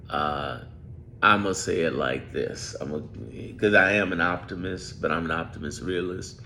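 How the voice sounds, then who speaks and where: Man, very low with gravel in the voice, emphatic off-script commentator, faint noise underneath. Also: moderate pace, sharp tone. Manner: emphatic, drawls, repeats phrases. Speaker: political commentator. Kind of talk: off-script direct-to-camera commentary.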